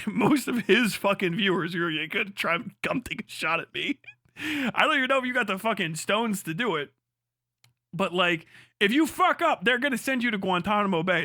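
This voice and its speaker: A man's voice: sits high, sharp tone, no echo, studio quality. A man ranting on a livestream, heated, sarcastic and full of swearing. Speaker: streamer. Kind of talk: livestream rant.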